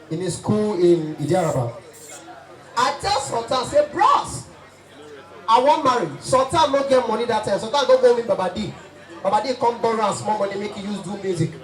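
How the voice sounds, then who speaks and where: A Nigerian man performing as comedian and host at a party, teasing the guests in pidgin. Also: very high-pitched. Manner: teasing, mixes pidgin and Yoruba. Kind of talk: stand-up comedy banter. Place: outdoor party venue. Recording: echoey, distant, party music and crowd.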